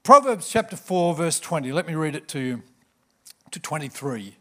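A man's voice: mid-range voice, animated, normal speed. A man, a pastor preaching a sermon in church with joking, self-mocking asides. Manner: warm, humorous storyteller with self-mocking asides.

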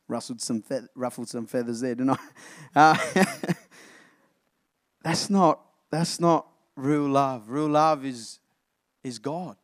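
A man preaching an animated sermon to his congregation, often calling them church. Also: fairly high pitch, dry recording, clean studio sound. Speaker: pastor.

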